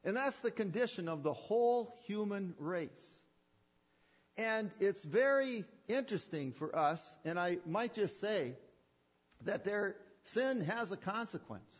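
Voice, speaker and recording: A man's voice: high-pitched, animated, slow. A man preaching a sermon with emphatic repetition and rhetorical questions. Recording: dull lo-fi sermon recording.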